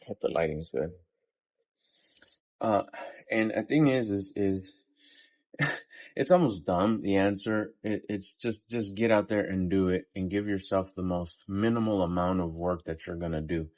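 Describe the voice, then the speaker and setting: A man's voice: low-pitched, measured pace, a little mellow. A man in his fifties giving a casual, profane motivational talk between workout sets in a day-in-my-life vlog. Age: 50s. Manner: blunt, profane and pep-talking. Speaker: vlogger.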